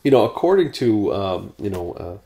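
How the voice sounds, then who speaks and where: American man, lowish voice, podcast co-host, hesitant, lots of ums. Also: very animated, moderate pace, warm tone. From United States. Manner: hesitant, many fillers and restarts. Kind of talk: casual podcast discussion.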